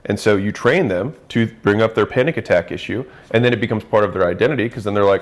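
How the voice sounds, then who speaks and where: A man's voice: lowish voice, fast, few pauses. A man talking through ideas in a casual conversation, acting out quoted voices as he goes. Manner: animated, acts out quoted voices.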